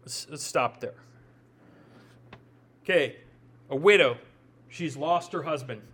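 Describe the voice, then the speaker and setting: Midwestern guy pastor giving a sermon, kinda high voice, chatty, repeats himself a lot. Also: fairly bright tone, breathy edge. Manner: conversational preaching with joking asides and quick laughs; repeats words while thinking aloud.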